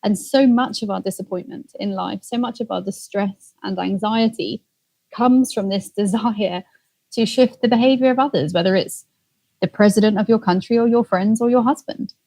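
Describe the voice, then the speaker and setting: A woman's voice: mid-range voice, moderate pace, creaky, dark tone, low-quality recording. Woman guest talking it through, lots of "right?", leans hard on words. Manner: emphatic, rhetorical questions, stretches key words. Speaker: guest, empathy advocate. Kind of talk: conversational interview answer.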